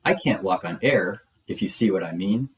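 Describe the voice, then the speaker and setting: A man voicing a gentle, weary male elephant in a storybook read-aloud, speaking in an earnest, pleading way. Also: low voice, animated, moderate pace.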